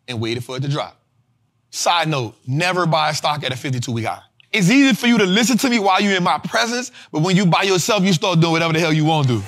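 An animated man teaching a class on stock investing, speaking. His voice sits a little higher than most men's. He talks straight to the room and keeps his listeners involved. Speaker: investing teacher and show host. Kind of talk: live classroom lecture.

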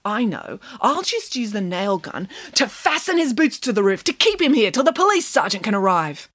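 Woman reader as a brash, bossy pig nanny, emphatic and lively in pitch. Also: normal speed, no echo, clean studio sound. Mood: scheming. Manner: emphatic, self-assured. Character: bossy, indignant female flying pig nanny.

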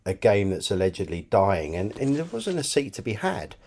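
A club cricket scorer appears as a podcast guest, chatting casually and enthusiastically while often repeating words. His voice is fairly low, slightly mellow, and sing-song, at a moderate pace.

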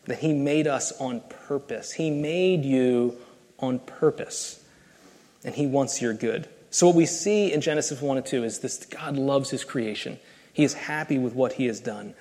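A pastor giving an emphatic, earnest sermon and reading scripture aloud. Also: male voice, mid-range voice, moderate pace, warm tone, long reverb tail. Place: church sanctuary.

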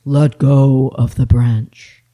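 A solemn, booming divine voice calls down from on high, slow and deep and full of command, as a woman puts it on. Every word lands heavy and unhurried. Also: little pitch movement, dark tone, heavily acted. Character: booming solemn voice of God from above.

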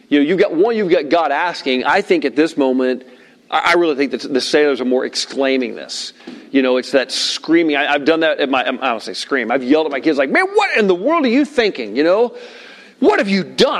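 A man preaching a sermon with lively, swooping pitch, often acting out little voices and scenes. His fairly high voice carries a long reverb, as if in a large church hall. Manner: animated, acting out voices and asides. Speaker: pastor.

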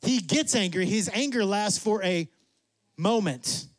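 A man preaching with a high voice and lots of energy. He acts out God and Moses in quick asides. The sound is dry and close. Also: animated, no room sound. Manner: drops to a soft, low voice for emphasis. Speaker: pastor. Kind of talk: sermon.

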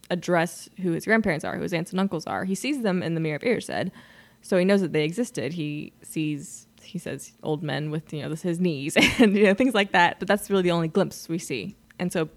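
A woman's voice: fairly low pitch, lively intonation, moderate pace. A woman co-hosting a casual fan podcast, explaining things with enthusiasm and laughing often. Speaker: podcast co-host.

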